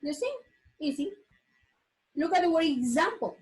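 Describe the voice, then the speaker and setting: A woman's voice: sits high, very animated, moderate pace, darkish tone, rough recording. A woman teaching an online English class, explaining patiently with fillers and repeated words.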